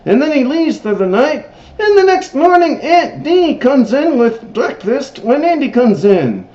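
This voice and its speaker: A man hosting a TV episode recap, telling it in character in an excitable, emphatic way. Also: very high-pitched, unhurried. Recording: roomy, dull lo-fi recording.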